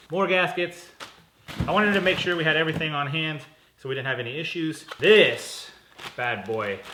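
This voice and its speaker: A man's voice: mid-range voice, sharp tone, reverberant, a little hiss or hum. A man hosting a casual car parts unboxing vlog, talking in a chatty, upbeat way and correcting himself as he goes. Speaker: car channel host.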